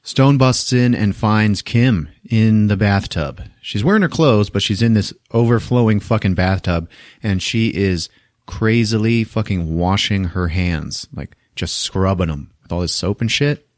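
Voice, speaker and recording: A man's voice: on the low side, measured pace, no room sound, studio quality. A man hosting a podcast, casually retelling a movie plot with lots of swearing and laughter. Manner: profane, laughing storytelling. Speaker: podcast host.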